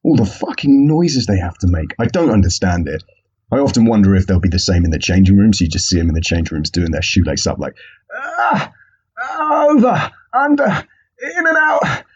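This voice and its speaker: A man's voice: sits low, expressive, quick pace, warm tone, slightly rough. Sarcastic young man on a podcast. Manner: sarcastic, swears a lot. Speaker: podcast host. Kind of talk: comedic solo monologue. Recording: dull lo-fi sound.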